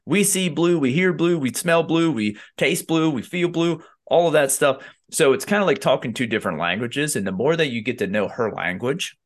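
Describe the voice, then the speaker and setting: A man's voice: a little high, normal speed, hardly any pauses. A man hosting a casual podcast conversation. He talks loosely and animatedly, full of fillers and restarts, and slips into little acted-out quotes as he tells his stories. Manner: animated storytelling, acts out quotes with lots of fillers. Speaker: podcast host.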